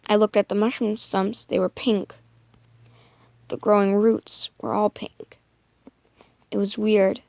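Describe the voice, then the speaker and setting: A woman improvising a first-person story in a soft, hesitant way, often dropping into a whisper and correcting herself. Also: medium pitch, level tone, slow, vocal fry, pauses often, no room sound.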